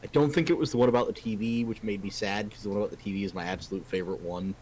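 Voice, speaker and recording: A man's voice: fairly low pitch, very fast, a little mellow, a little hiss or hum. A man streaming a video game, chatting casually and animatedly, laughing often. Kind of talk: casual gaming chat.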